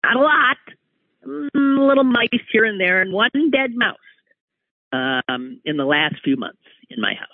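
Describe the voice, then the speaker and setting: Man, husky voice, swooping animated delivery, dry close sound, rambling anecdote. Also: sits high, a little slow, no echo. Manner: animated, exclaiming, self-interrupting. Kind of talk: personal anecdote monologue. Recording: tinny phone-like line, dry.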